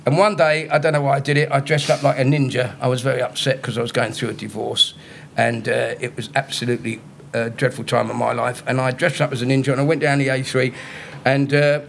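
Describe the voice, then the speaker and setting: A man's voice: mid-range voice, little pitch movement, fast talker, vocal fry, a little hiss or hum. A man, a comedian telling stories and teasing a live audience. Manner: joking, teasing the audience, laughing at own lines. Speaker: comedian guest. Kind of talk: live podcast stand-up storytelling.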